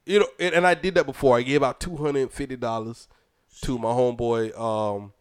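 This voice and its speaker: A man's voice: mid-range voice, steady tone, brisk, clear, resonant tone, no room sound, clean studio sound. A man co-hosting a podcast, talking loosely and laughing, often repeating words as he gets going. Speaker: podcast co-host. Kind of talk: casual chat.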